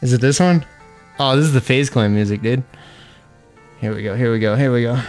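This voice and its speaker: A man's voice: medium pitch, a little fast, darkish tone. A young man streaming a game live, chatting with viewers, laughing, venting frustration and swearing. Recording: faint music behind.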